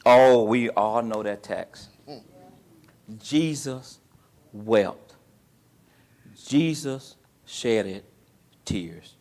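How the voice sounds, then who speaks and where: A man teaching a Bible class, quizzing his students with call-and-response questions and retelling the story in colloquial, animated speech. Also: mid-range voice, very slow, pauses often.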